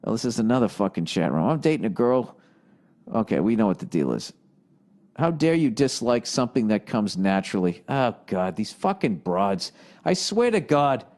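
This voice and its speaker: A man's voice: lowish voice, very animated, normal speed, darkish tone. A man hosting a podcast, reading listener questions aloud and riffing on them in a profane, exasperated comedic rant. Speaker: podcast host. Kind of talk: ranting comedic monologue.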